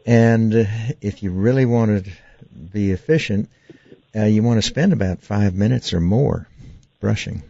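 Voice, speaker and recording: A dentist hosts a call-in radio program, explaining patiently with plenty of fillers and restarts. His voice sits low and gravelly. The studio sound is dry and a little muffled. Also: moderate pace, mellow. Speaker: radio talk show host, dentist.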